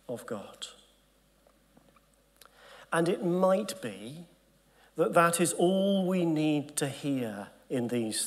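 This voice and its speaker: A man, a bishop giving an earnest Bible teaching to gathered clergy, sometimes dropping to a near-whisper. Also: medium pitch. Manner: earnest and emphatic, drops to a near-whisper at times, acts out quoted voices. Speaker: bishop leading a Bible study. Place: conference hall.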